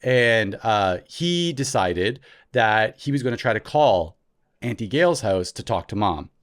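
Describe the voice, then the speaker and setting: A man from Canada in his thirties, co-hosting a podcast and telling a story in a casual, animated way, loudly acting out the people he quotes. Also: fairly low pitch, unhurried. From Ontario, Canada. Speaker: podcast co-host.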